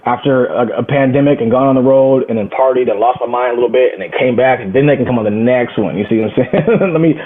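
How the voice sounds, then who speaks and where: A man's voice: medium pitch, fast, few pauses. An American man, a musician guest in a casual interview, rambling and laughing with many restarts, heard over a video call. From United States. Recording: tinny phone-like line.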